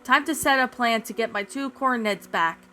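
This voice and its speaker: A woman's voice: on the high side, normal speed, faint music behind. A woman voicing a serious, grim teenage boy who leads a secret team. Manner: grim, calm, planning.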